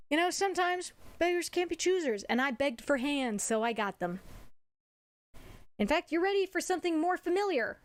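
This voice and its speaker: A woman streaming a game, chatting casually and reading the story aloud with bubbly, self-deprecating asides. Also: fairly high pitch.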